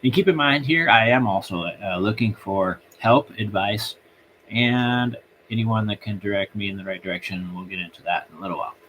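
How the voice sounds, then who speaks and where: A man hosting a live stream from home, telling a long story in a rambling, halting way and circling back. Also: on the low side, a bit bright, a little hiss or hum.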